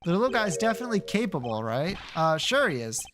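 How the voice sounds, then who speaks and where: A woman's voice: on the low side, big pitch swings, fast. A woman voicing a bumbling, loyal male detective who talks earnestly.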